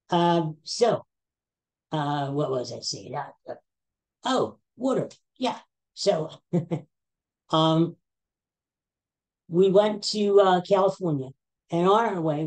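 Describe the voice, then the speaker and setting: Hosting a relaxed podcast chat, a Philadelphia-accented man in his sixties wanders through long stories and pokes fun at himself along the way. His voice is fairly high but darkish in tone.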